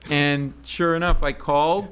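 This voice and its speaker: A man, a stand-up comedian, telling an animated story as an interview guest, acting out voices and sometimes shouting. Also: on the high side, a little slow, clear, resonant tone. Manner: excitable, acts out voices, bursts into shouts.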